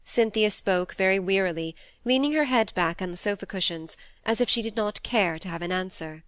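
A woman narrating a classic novel in a measured audiobook reading. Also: mid-range voice, no room sound. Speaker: audiobook reader.

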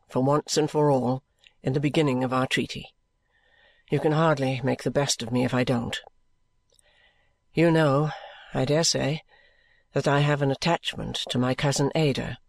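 A man's voice: mid-range voice, fairly even intonation, normal speed, pauses often, no room sound, close to an everyday voice. A man voicing an earnest, troubled young man in an audiobook, pleading and sincere. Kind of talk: audiobook character reading.

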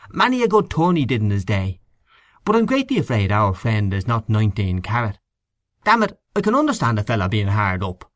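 A scornful middle-aged canvasser, voiced by a man reading aloud, sneers and grumbles about his neighbours. The pitch sits higher than the reader's own and swings about animatedly. The sound is dry, with no room around it. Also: fairly bright tone, dry recording. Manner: sneering, indignant. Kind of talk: audiobook character voice.

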